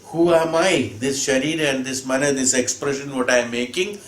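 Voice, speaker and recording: A man's voice: medium pitch, brisk. A man giving a spiritual discourse, explaining patiently and posing rhetorical questions. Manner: explanatory, rhetorical questions, acts out quoted speakers. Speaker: spiritual teacher. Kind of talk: discourse on scripture. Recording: echoey room with faint ambient noise.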